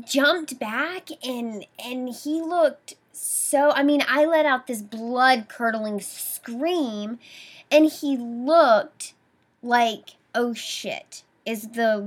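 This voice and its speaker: A woman's voice: a little high, a bit bright. A young adult woman hosting a podcast, retelling a painful personal story with emotion and quoted dialogue. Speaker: podcast host.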